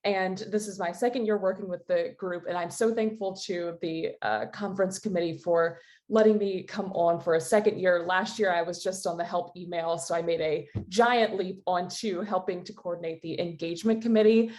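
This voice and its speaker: A woman's voice: on the low side, steady tone, normal speed, darkish tone. A woman working as a programs specialist, giving upbeat thanks at a conference closing over a video call.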